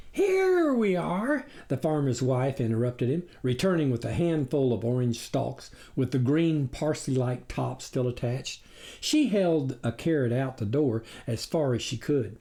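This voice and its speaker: A man's voice: medium pitch, mellow. A man reading his own satirical story aloud in a wry storybook narration.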